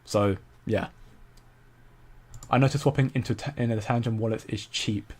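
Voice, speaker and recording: A man's voice: mid-range voice, fairly even intonation, normal speed. A young man hosting a casual crypto commentary stream, rambling with many stumbles and repeated words while reading viewer comments. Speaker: crypto channel host.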